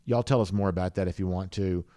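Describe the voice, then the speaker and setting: A man's voice: low voice, steady tone, fast talker, mellow, dry recording, clean studio sound. A man hosts a live show, reading viewer comments in an easygoing, rambling way with many fillers. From rural US South. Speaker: podcast host.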